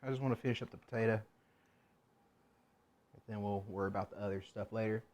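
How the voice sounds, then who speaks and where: A man's voice: on the low side, fairly even intonation, fast, a little mellow. Rambling man chatting while he cooks. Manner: rambling, talks to himself while cooking. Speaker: cooking streamer. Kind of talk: casual cooking stream chatter.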